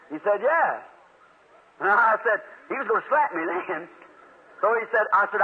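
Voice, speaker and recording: A man preaching a sermon, telling folksy stories and acting out both sides of conversations with animated energy. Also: high voice, normal speed, long pauses. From United States. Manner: animated, folksy storytelling, acts out dialogue, chuckles often. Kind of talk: sermon with storytelling. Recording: tinny lo-fi archival recording.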